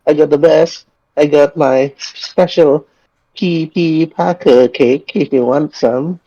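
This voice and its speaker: A man's voice: on the high side, slow, warm tone, dry recording, voice pushed up. A man voicing an old woman who runs a cafe, chatty and fussing over a customer. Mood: welcoming. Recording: dull lo-fi mic.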